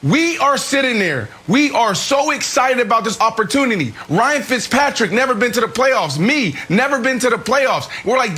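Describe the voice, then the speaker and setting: Brief: man in his thirties, high pitched and bright, animated sports analyst. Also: breathy edge. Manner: animated, fast-talking storyteller. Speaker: former NFL player, analyst. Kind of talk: sports debate storytelling.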